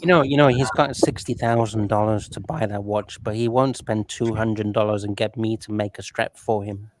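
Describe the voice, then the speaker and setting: A man's voice: fairly low pitch, fairly even intonation, moderate pace, slight background noise. A man hosting a livestream, bantering with playfully suggestive jokes in casual chat.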